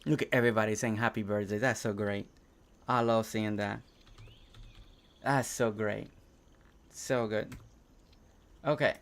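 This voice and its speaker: A young man whose first language is Spanish, chatting casually on a game live stream, reading chat aloud and thinking out loud while he builds. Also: on the low side, steady tone, measured pace, pauses often.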